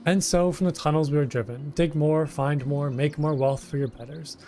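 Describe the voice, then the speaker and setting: A man voices a whiny, self-pitying kobold foreman, lamenting and pleading while repeating himself in strings of synonyms. His voice is a little high and warm, with fairly even intonation, a moderate pace, and light acting.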